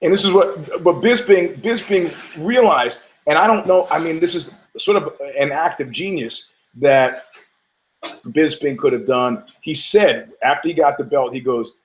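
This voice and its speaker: A man's voice: on the high side, unhurried, rough recording. Man, podcast host, casual monologue, rambling, profane, many restarts, acts out voices in his jokes. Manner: storytelling with voices, laughs at own jokes. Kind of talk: casual sports commentary monologue.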